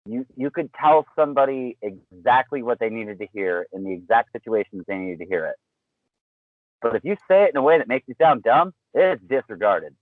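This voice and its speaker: A man's voice: mid-range voice, big pitch swings, no echo, rough recording. Podcast guest guy laying out his arguments, dry sense of humor, super dry close sound. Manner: measured, explanatory, dry wit. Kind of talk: casual podcast chat.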